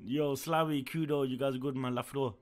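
A man's voice: medium pitch, fairly even intonation, fairly quick, darkish tone. A young man, streaming a game and bantering in slang. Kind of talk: casual gaming chat. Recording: game music behind the voice.

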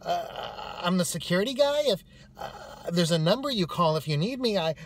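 A man's voice: high voice, sing-song, moderate pace, pitched above the performer's own voice, full character voice. A man voicing a fumbling male security guard who hesitates over his words. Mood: awkward.

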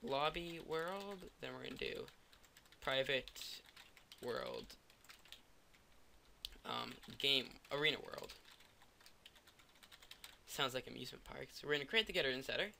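A man's voice: medium pitch, animated, unhurried, creaky, pauses often, sharp tone, slight background noise. A tired young man narrating a coding tutorial, thinking aloud and joking at himself as he types. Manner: rambling, self-mocking, thinks aloud. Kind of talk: screen-recorded coding tutorial.

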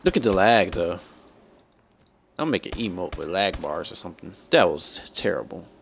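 A young man live-streaming a shooter game, reacting to the match and chatting with viewers and teammates, getting frustrated and excitable. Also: deep voice, moderate pace, creaky. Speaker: gaming streamer. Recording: faint background noise.

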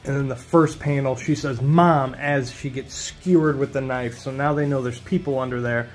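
A man casually recapping a comic book issue for his channel in a relaxed, conversational way. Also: mid-range voice, moderate pace, soft background music.

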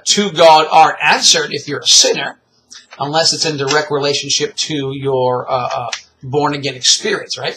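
A middle-aged man giving rambling, animated religious commentary, full of fillers and chuckles. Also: a little high, poor audio. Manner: animated, rambling, laughs often, frequent fillers.

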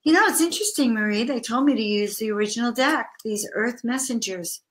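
Middle-aged woman doing live card readings, bright voice, gushy and chatty, calls out viewer names. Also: fairly high pitch, brisk, slight background noise. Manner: effusive, chatty, addresses viewers by name. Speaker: spiritual card reader and host.

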